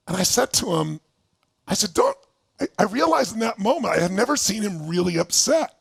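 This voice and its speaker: A middle-aged man telling a story to an audience, acting out his partners' voices and shouting when he quotes anger. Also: high-pitched, fairly quick, dry recording. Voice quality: gravelly, husky voice. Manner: animated, shouting while acting out angry quotes. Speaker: motivational speaker.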